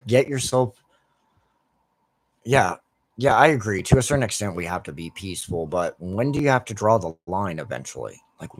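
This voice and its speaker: A young Canadian man, a gaming streamer, rants casually at his chat while playing, swearing nonstop in a frustrated, profane way. His voice sits lowish and the recording is dry.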